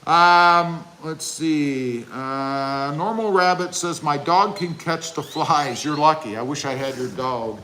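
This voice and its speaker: A man's voice: a little high, slow, hardly any pauses, sharp tone, slight background noise. A man hosting a casual livestream outdoors, reading chat comments aloud in a rambling, joking way with lots of fillers. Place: outdoors by his truck.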